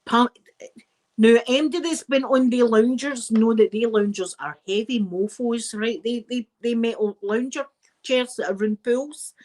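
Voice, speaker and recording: A Scottish woman chats away on a live stream, rambling from one thing to the next and throwing asides at her viewers. Her voice sits a little on the high side for a woman. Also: unhurried, a little mellow, poor audio. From Scotland. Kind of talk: casual live-stream chat.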